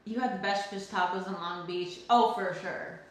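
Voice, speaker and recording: A young Californian woman hosts a casual livestream from her home kitchen, reading chat comments and ranting freely with some swearing. Her mid-range voice stays fairly even at a normal speed, and the room is very echoey.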